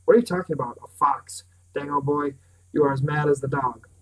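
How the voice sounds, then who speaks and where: A man voicing a scowling, gruff farmer who growls with contempt, heard from a distant mic. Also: fairly high pitch, a little fast, close to an everyday voice. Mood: scornful.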